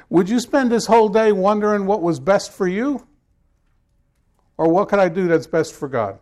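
Storytelling male pastor, fairly high voice. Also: animated, moderate pace, darkish tone. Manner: conversational storytelling, rising to emphatic scripture reading. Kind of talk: sermon.

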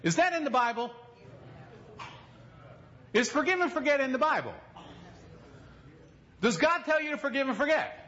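High-voiced folksy preacher man, dull recording. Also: expressive, bright, forceful tone. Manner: folksy storytelling preacher, slows for emphasis. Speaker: pastor. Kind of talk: sermon.

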